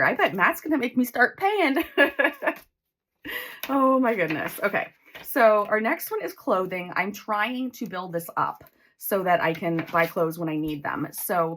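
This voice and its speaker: Woman, 40s, budgeting vlogger: chatty, excitable, pitch bounces around a lot as she counts bills aloud, faint hiss behind. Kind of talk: casual chat while counting cash.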